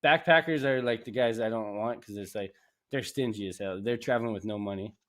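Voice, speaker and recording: A man from Canada chatting casually as a podcast host, rambling and animated, laughing often. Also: on the low side, a little fast. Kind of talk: casual chat.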